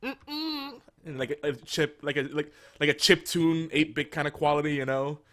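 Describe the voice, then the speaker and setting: A man's voice: on the high side, little pitch movement, a little fast, a bit bright. A man co-hosting a casual fan podcast, playful and jokey, laughing often. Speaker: podcast co-host.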